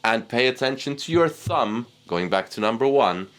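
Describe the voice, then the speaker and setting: A man teaching guitar technique in a casual, relaxed way, poking fun at himself. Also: medium pitch, moderate pace. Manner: relaxed, self-deprecating, chuckles at himself. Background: guitar playing.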